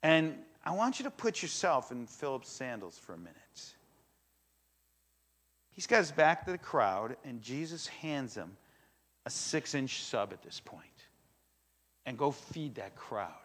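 A man preaching a sermon, retelling a story in a casual, animated storytelling way. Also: medium pitch, unhurried, pauses often. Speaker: pastor.

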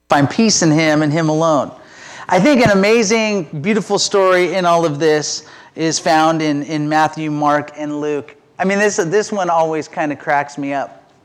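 A middle-aged man giving a conversational, self-deprecating sermon as pastor. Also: a little high.

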